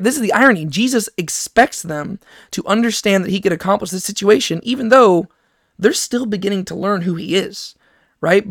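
High, gravelly-voiced man teaching scripture. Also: no room sound, clean studio sound. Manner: conversational, keeps asking "right?". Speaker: Bible teacher. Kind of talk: casual Bible study teaching.

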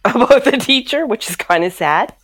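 A woman's voice: on the high side, lively intonation, moderate pace, a bit bright. A woman hosting a casual talk show, chatting and laughing often. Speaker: show host. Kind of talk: casual chat.

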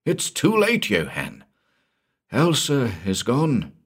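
A man's voice: mid-range voice, huge pitch swings, slow, slightly rough, pitched above the performer's own voice, exaggerated voice. A man doing a frightened young villager, pleading. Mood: fearful pleading. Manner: anxious, pleading.

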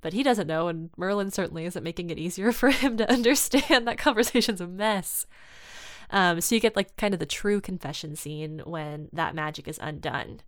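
Smooth-voiced woman recapping a story. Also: fairly low pitch, moderate pace, no echo, studio quality. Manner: animated storyteller, acting out characters' lines. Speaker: podcast co-host discussing fan fiction. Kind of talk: casual chat.

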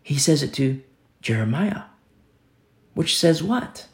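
A man's voice: a little high, big pitch swings, takes it slowly, creaky. A man preaching a sermon, stressing points by repeating phrases and telling stories with casual asides. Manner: storytelling asides with fillers.

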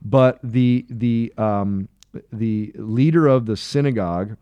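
A man's voice: mid-range voice, slow pace, clear, resonant tone, dry recording, muffled recording. A man co-hosting a casual Bible discussion, retelling a passage in an earnest, rambling way with many self-corrections. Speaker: podcast co-host.

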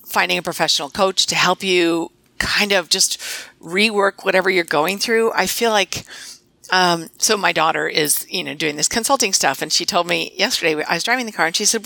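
Chatty middle-aged woman, bright dry voice. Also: on the low side, vocal fry, dry recording. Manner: chatty, storytelling with many restarts. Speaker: veterinarian and guest. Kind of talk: casual podcast conversation.

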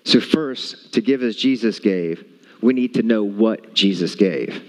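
A man's voice: lowish voice, a little slow. A man preaching a sermon to a congregation, emphatic and repeating his key points. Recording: long hall reverb.

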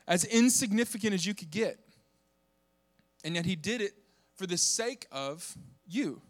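A young man from the southern United States preaching a lively sermon, joking with the congregation and shouting for emphasis. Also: high-pitched, unhurried. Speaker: pastor.

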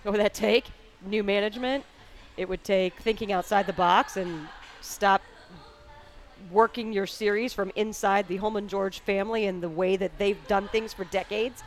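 A woman's voice: medium pitch, fairly even intonation, normal speed. Woman, from Indianapolis, motorsport talk show co-host, blunt, emphatic, casual podcast chat. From Indianapolis, USA.

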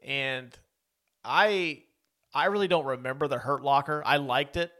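On a podcast's relaxed movie-review chat, a male co-host talks unhurriedly in a pushed, bright mid-range voice. He's talkative and keeps drifting into tangents about the film.

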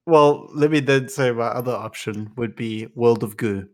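A man's voice: medium pitch, moderate pace, background noise. A man chatting casually on a podcast in an easygoing way. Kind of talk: casual group chat.

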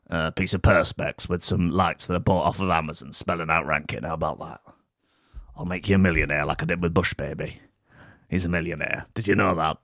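A slick male music mogul murmurs promises of fame, low and hushed, as a radio host puts him on. The voice sits deep and dry, with no room around it. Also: no echo, heavily acted.

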